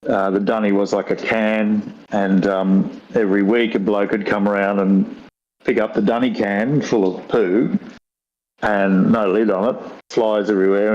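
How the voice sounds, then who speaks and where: A man's voice: on the low side, normal speed. An older Australian man with a broad Australian accent, telling stories in a casual chat and slipping into other voices as he goes. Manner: animated storyteller, mimics voices. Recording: dull lo-fi sound.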